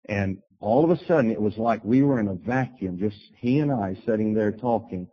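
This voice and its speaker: A man preaching a sermon, telling a personal story and acting out his own words with animated bursts. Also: fairly low pitch, normal speed, husky. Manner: storytelling, animated bursts when quoting himself. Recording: dull lo-fi recording.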